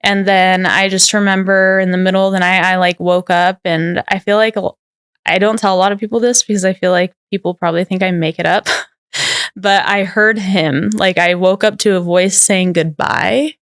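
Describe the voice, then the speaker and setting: A woman's voice: medium pitch, steady tone, moderate pace, a bit bright, clean tone, no echo, clean studio sound. A woman guest on a podcast telling a personal story in a candid, rambling way, full of "like" fillers.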